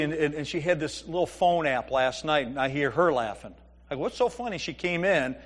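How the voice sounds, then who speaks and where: A man's voice: a little high, fairly bright tone. A middle-aged male pastor preaching a sermon, reading scripture and telling jokey family stories in a conversational way. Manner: conversational, joking storytelling with Bible reading.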